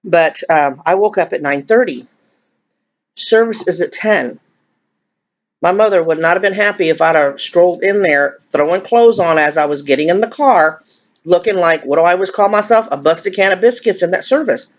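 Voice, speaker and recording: A woman's voice: on the low side, normal speed. Woman, fifties, confiding vlog chat over a meal, muffled lo-fi audio. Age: 50s. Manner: confiding, emotional, rambling. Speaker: vlogger. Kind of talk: casual chat while eating.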